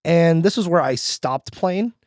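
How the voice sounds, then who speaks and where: A young man co-hosts a casual podcast in a fairly high voice that moves a lot in pitch. He jokes and teases, sometimes swooping into a mock-grand tone. The sound is dry and close to the mic. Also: expressive, unhurried, dry recording. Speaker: podcast co-host. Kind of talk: casual chat.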